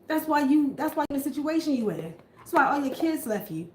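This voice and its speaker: A woman's voice: medium pitch, normal speed, a little mellow, a little hiss or hum, close to an everyday voice. A woman plays a controlling, abusive man who swears freely and blames his partner for everything. The voice rings in a roomy space with noticeable echo. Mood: ranting, furious. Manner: profane, blaming, self-pitying rants.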